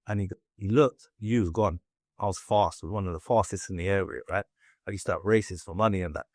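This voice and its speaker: This young English man has a low, darkish voice and talks a little fast on a studio-quality recording free of room sound. Telling his life story bluntly in a casual interview, he swears, acts out other people's words, and leans on plenty of fillers.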